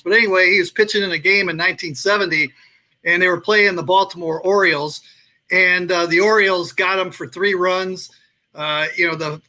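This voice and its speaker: A man with a high, sharp, very bright voice tells a relaxed story on a casual sports show. He slips into the quotes as he goes. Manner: easygoing storyteller, acts out quotes. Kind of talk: casual anecdote telling.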